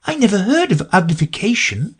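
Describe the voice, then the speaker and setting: A man's voice: high-pitched, big pitch swings, fairly quick, breathy edge, pitched above the performer's own voice, heavily acted. A man voicing Alice as a polite, curious young girl in a storybook reading, with an earnest, questioning manner.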